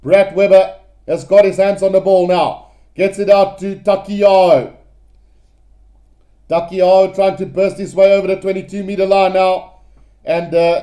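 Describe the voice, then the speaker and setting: Excitable high-voiced man calling rugby live. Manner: excitable, calls play-by-play to viewers as "guys". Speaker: live match commentator.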